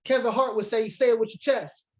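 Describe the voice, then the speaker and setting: A man's voice: very high voice, steady tone, a little fast, rough recording. A man teaching a sermon-style Bible lesson to a congregation, reading scripture aloud and defining words, switching between emphatic preaching and casual asides.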